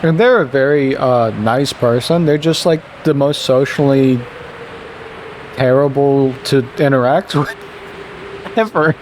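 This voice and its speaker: A man's voice: unhurried, long pauses, slight background noise. Rambling young man streaming a game. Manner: rambling, animated, jumps high when quoting people. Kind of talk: casual stream chatter.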